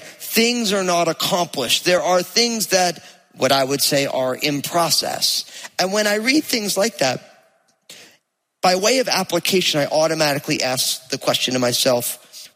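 A man with a New Jersey accent preaches in a lively, conversational way, reading scripture to his congregation. His voice sits a little high and comes across bright and forceful. Long reverb from the church hall trails behind his words. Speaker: pastor.

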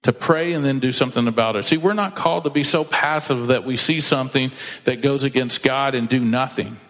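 A man's voice: medium pitch, fairly quick, fairly bright tone. A man preaching a sermon as pastor, emphatic and conversational, acting out quoted voices as he teaches. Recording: long hall reverb.

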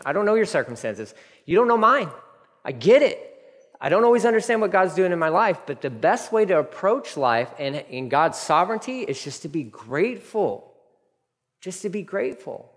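A man preaching a sermon in a church, animated and humorous, with emphatic repetition. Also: on the high side. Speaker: pastor. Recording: long hall reverb.

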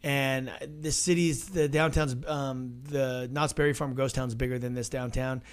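A man's voice: medium pitch, unhurried, clean tone. A man leading a ministry tour, telling stories in casual talk and acting out what people said. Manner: animated storyteller, acts out dialogue. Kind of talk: casual recap storytelling.

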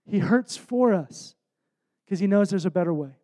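Earnest high-voiced man preaching. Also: animated, moderate pace, dark tone. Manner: earnest, conversational, emotional storytelling. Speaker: worship leader preaching. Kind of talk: sermon.

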